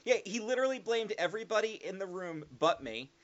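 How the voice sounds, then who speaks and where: A fairly high-voiced man trades prank stories in an easygoing chat, laughing as he goes. He gets loud and lively when he quotes people. The recording is dull and lo-fi. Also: fast. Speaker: former hotel worker sharing a story. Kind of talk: casual storytelling chat.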